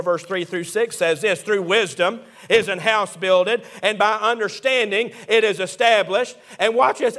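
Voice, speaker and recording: A preacher with a notably high voice delivers a sermon in a church. He reads scripture aloud and climbs into fervent, shouted peaks when he drives a point home.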